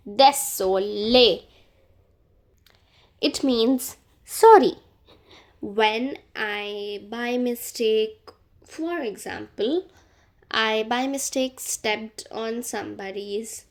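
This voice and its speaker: Professora de francês, fala lenta e aguda. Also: female voice, on the high side. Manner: slow, careful pronunciation drills with repeated words. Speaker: French teacher. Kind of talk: beginner language lesson.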